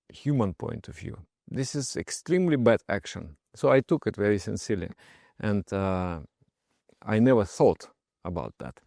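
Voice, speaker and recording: Gravelly meditation teacher telling stories. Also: male voice, mid-range voice, dry recording, studio quality. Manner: expressive, emphatic, with frequent hesitations. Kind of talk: personal storytelling talk.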